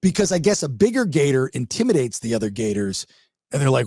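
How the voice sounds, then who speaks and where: A man hosting a podcast, telling a story in a casual, animated way and acting out the quotes. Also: mid-range voice, quick pace, no room sound, studio quality. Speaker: podcast host.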